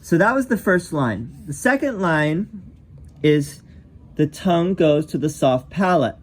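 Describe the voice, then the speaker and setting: A man's voice: a little high, lively intonation, measured pace. A man teaching as a yoga teacher, explaining pronunciation patiently, correcting himself and saying each sound aloud.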